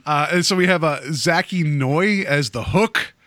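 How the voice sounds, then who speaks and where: A man hosting a relaxed movie podcast, talking in a loose, rambling way full of filler words. His voice sits a little high and bright, recorded dry and close. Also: unhurried, no echo. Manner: rambling, chatty, lots of "like" and "um". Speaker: podcast host. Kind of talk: casual movie podcast chat.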